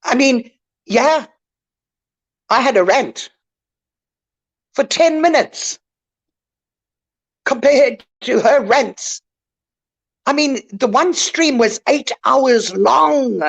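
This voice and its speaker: A woman's voice: high-pitched, lively intonation, drawn-out words, vocal fry, long pauses. An older woman on an online call, ranting indignantly and lecturing someone in a live chat. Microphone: online call mic.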